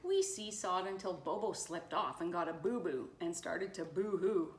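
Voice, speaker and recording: A woman voicing a chattering young schoolgirl in a storybook, pleading in a high, rapid voice. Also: animated, a little hiss or hum, natural voice. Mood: earnest. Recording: roomy echo.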